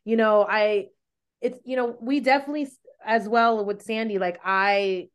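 A woman's voice: fairly high pitch, steady tone, moderate pace, clear, resonant tone. A woman podcast host, raised in the United States with Spanish as her first language, talking in a chatty way full of likes and you-knows. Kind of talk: casual chat.

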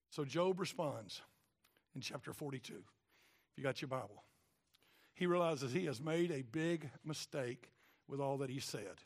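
A man preaching a sermon, his voice pitched fairly high. He moves from quiet asides to emphatic, rising questions as he speaks in God's voice. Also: moderate pace, husky. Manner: animated, paraphrasing God in rising, emphatic bursts.

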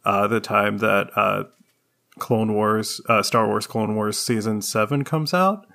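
A man with a gravelly, frying voice chats on a podcast. He rambles easily, leaning on fillers as he thinks aloud. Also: lowish voice, a little slow. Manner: relaxed, rambling, filler-heavy. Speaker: podcast co-host. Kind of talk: casual chat.

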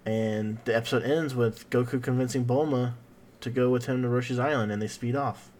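A man's voice: medium pitch, steady tone, a little fast, darkish tone. A man hosting a casual podcast, recapping an episode in a rambling, jokey way with lots of "uh" and "like". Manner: rambling, jokey, full of fillers like "uh" and "like".

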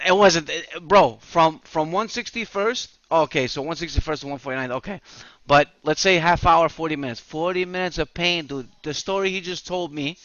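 A man, telling crude stories on a comedy podcast, animated and profane, laughing often. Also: on the high side, normal speed, no echo, highs cut off. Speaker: podcast co-host.

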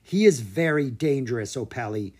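A stern, commanding mother who leads her village, voiced by the narrator. She gives firm orders in a husky voice that rings out. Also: mid-range voice, animated, moderate pace, a little mellow.

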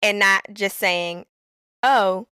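A woman talking casually on a podcast in an animated, slangy way, laughing and telling stories. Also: mid-range voice, normal speed, no room sound. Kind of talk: casual conversation.

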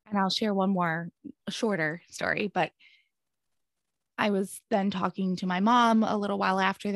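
A woman's voice: medium pitch, creaky, no echo. A woman in her thirties speaks as a podcast guest, telling a personal story in a candid, earnest way. She rambles and restarts, with a natural mid-range voice. The recording is close and dry, with no room sound.

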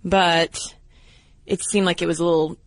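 A woman co-hosting a podcast, telling stories in a lively, casual way with fillers. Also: on the low side, normal speed, dry recording. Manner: animated storytelling with fillers. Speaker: podcast co-host. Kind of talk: casual chat.

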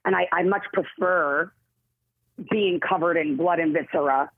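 A woman actress in a casual interview, telling stories in a rambling, self-interrupting, animated way with a husky voice. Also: fairly low pitch, a little slow, no room sound. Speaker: actress guest. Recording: tinny phone-like line, dry.

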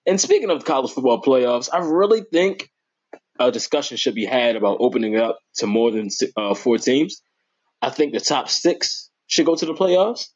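A young man hosting a casual sports podcast, informal and playful, his voice jumping high when he gets excited. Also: normal speed, husky. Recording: dull lo-fi recording.

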